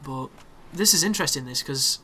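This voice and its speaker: A young man commentating on his own gameplay, excitable and sweary, with sarcastic asides. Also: medium pitch, fairly quick, breathy edge. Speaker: gaming commentator.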